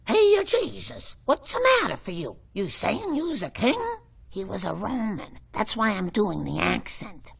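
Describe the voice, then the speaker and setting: An actress voicing a middle-aged cartoon housewife who reads scripture in church with a raspy voice and puts on mock accents. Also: female voice, medium pitch, measured pace, hardly any pauses, full character voice. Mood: hammy. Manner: putting on mock accents during the reading. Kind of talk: animated sitcom clip.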